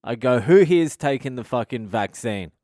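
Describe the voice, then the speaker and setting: A man's voice: medium pitch, expressive, moderate pace, darkish tone, no echo, clean studio sound. A man hosting his own podcast, telling a rowdy story in a blunt, foul-mouthed rant. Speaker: podcast host. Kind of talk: casual storytelling monologue.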